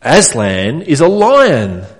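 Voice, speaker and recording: A man's voice: on the high side, huge pitch swings, takes it slowly, husky, heavily acted. A blunt, insistent male beaver from a storybook, read aloud plainly by a man preaching. The lines come in an ordinary voice with no attempt at an accent, and a long church-hall reverb trails behind them.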